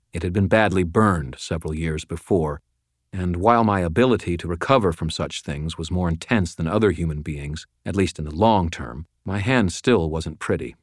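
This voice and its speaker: Man, low deep voice, first-person audiobook narration, measured and dramatic, close dry recording. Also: no echo. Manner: measured, dramatic, dropping to a near murmur.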